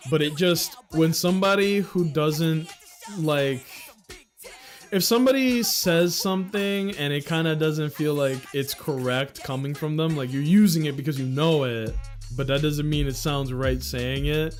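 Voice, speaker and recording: A man's voice: a little high, unhurried, faint music behind. A man in his thirties from New York, chatting candidly and rambling on a livestream, swearing casually as he talks. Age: 30s. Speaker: livestream host.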